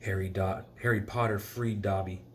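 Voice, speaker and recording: A man voicing an earnest, excitable little male house-elf while reading a storybook aloud. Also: normal speed, natural voice. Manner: shrill, fierce pleading.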